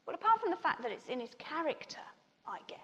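A woman preaching a sermon, telling a personal story with animated, acted-out dialogue. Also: sits high, quick pace, highs cut off. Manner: animated storytelling, acting out others' lines. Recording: long reverb in a large hall.

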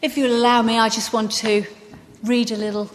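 A woman preacher giving a sermon in church, gentle and conversational, her voice softening at the ends of phrases. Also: fairly high pitch, flat delivery, moderate pace, long reverb tail. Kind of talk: sermon with a reading from a book.

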